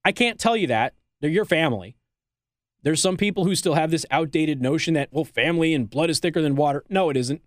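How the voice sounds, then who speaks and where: A man's voice: on the high side, a little fast, no room sound, studio quality. A man hosting talk radio, giving blunt, teasing advice in an opinionated monologue. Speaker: radio talk show host. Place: radio studio.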